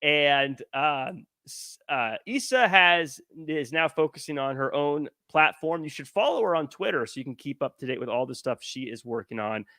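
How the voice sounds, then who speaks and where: Man host for a casual podcast. Fairly high, lively voice, bright tone, joking, dry close sound. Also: moderate pace, hardly any pauses, no echo. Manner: lively, joking, reads viewer comments aloud. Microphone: headset.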